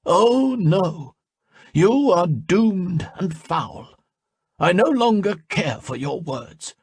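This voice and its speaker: A man voicing a stern, withered old wise man in an audiobook, speaking slowly and solemnly. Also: high voice, big pitch swings, slightly rough, no room sound, voice pushed up, full character voice. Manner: slow, solemn and deliberate.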